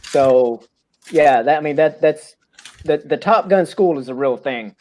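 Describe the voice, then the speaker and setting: A man's voice: on the high side, a little slow, darkish tone. A man co-hosting a casual chat, joking and hesitant, swearing casually while eating popcorn.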